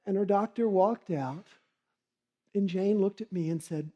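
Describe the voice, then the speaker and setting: A middle-aged man giving a humorous motivational keynote, telling stories in a lively way and acting out the characters. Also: high-pitched, measured pace, dull audio. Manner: lively storytelling, acts out characters. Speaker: keynote speaker.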